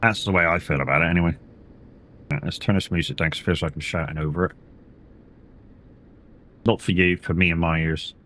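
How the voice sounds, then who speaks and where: A man's voice: deep voice, fairly even intonation, fairly quick, long pauses, pushed and bright. A tired man streaming a game, chatting casually in a rambling way and swearing now and then. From England. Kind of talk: casual live-stream chat while playing.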